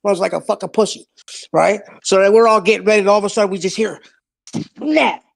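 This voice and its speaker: Middle-aged male guest, high gravelly voice, swears freely, laughing storyteller. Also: steady tone, rapid-fire. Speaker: guest, old friend. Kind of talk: casual storytelling chat.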